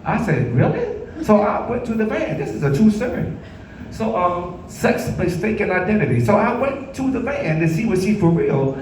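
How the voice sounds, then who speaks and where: A stand-up comedian rambles through his stories and keeps breaking into laughter at his own punchlines. He has a high-pitched voice. The sound is distant and rings through a very echoey club. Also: big pitch swings, moderate pace, a little mellow, slight background noise. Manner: loose, rambling storytelling with frequent laughs at his own jokes. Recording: very echoey room from afar.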